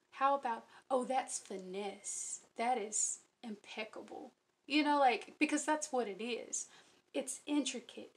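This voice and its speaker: A young adult woman vlogging about crochet in an earnest, rambling way, running her words together and giggling. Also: on the high side. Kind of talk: casual chat to viewers.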